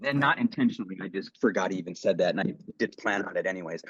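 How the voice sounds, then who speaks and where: A man's voice: low voice, animated, racing, a bit bright, husky, no echo, dull audio. A man co-hosting a podcast, telling a rambling, profane story in casual chat. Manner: rambling storytelling, swears a lot. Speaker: podcast co-host.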